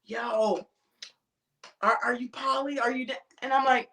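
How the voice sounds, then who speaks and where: A woman's voice: fairly high pitch, measured pace, gravelly, pauses often. A woman cosplayer guesting on a podcast, chatting casually and acting out the people she quotes. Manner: lively, acts out quoted dialogue. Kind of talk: casual chat.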